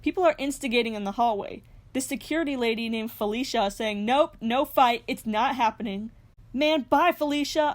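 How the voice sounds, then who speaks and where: A young woman narrating a reality TV recap in a scripted way, with sarcastic, snarky asides. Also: a little high. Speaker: recap host.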